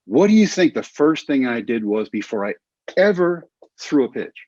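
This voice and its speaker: Casting note: middle-aged male storyteller, husky voice, dull dry lo-fi sound, animated. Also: mid-range voice, moderate pace, no echo. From Texas. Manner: animated, acts out quoted voices. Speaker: guest, former baseball pitcher. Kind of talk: casual storytelling interview.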